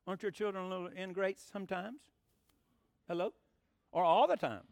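A man's voice: high-pitched, a little fast, no room sound, studio quality. A middle-aged man preaching a sermon in a folksy way, asking his listeners questions as he goes. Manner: folksy, animated, asks the room questions. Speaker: pastor.

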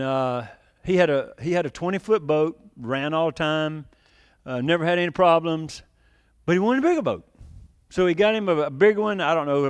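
A pastor with a high, light voice preaches a folksy, conversational sermon. He keeps asking the congregation questions and chuckles as he goes, and his voice sits close and dry with no room sound around it. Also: smooth, no echo. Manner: conversational, laughs often, asks the congregation questions.

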